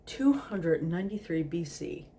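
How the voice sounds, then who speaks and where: A tipsy woman reads a story aloud, giggly and casual. She often stumbles over words and has to restart them. Her voice is low, and her pace is unhurried. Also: expressive, mellow. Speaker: host.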